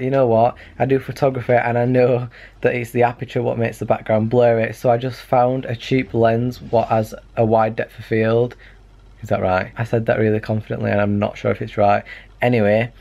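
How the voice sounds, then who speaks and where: A man's voice: medium pitch, darkish tone. Chatty young guy. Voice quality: slight lisp from a retainer. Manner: chatty, rambling, self-mocking. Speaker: vlogger. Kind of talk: casual vlog chat. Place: bedroom at night.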